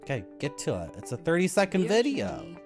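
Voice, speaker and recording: Man, game streamer, animated, ranting commentary, reads on-screen text. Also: fairly high pitch, fairly quick, soft background music. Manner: ranting, lively. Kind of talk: gameplay commentary and reading game text aloud.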